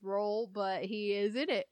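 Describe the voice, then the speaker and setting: A woman's voice: mid-range voice, dry recording. A woman co-hosting a casual movie-review chat, retelling plots in a giggly, rambling way full of "like". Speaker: podcast co-host.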